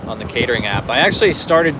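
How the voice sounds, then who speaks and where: A man live-streaming while driving for delivery apps, chatting casually and excitedly shouting catchphrases out the car window. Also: medium pitch, fast talker, background noise.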